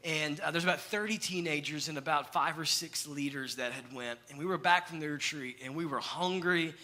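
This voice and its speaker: Bright-voiced animated male pastor. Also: on the high side, brisk. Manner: animated storytelling with acted quotes. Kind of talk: sermon.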